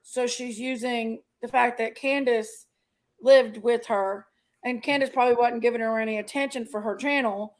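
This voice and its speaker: Blunt, animated woman on a livestream. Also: a little high, normal speed, rough recording. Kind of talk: casual livestream chat.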